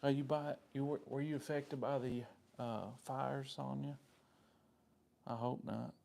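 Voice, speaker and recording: A man with a Southern US drawl hosts a loose live-stream chat, answering viewers' comments by name. His voice is low and mellow with a gravelly fry, and he rambles along in a friendly way. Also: little pitch movement, measured pace. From Southern United States.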